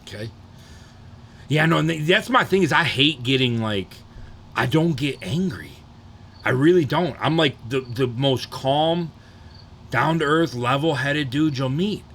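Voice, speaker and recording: A man's voice: medium pitch, expressive, a little slow, fairly bright tone, a little hiss or hum. A young man chatting casually on a live stream, rambling and swearing freely as he tells stories. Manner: profane, rambling storytelling.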